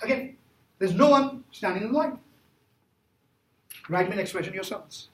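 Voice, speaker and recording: At a moderate pace, a man with a high, expressive voice and fairly bright tone teaches calculus. The math teacher is emphatic and repetitive, questioning students as he works problems, in a classroom recording that is echoey with faint noise.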